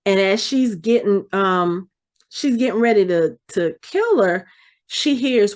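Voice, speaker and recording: A woman's voice: medium pitch, lively intonation, slow pace. A woman hosting a podcast, animatedly retelling a TV episode and acting out the characters' lines. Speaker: podcast host. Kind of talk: casual episode recap.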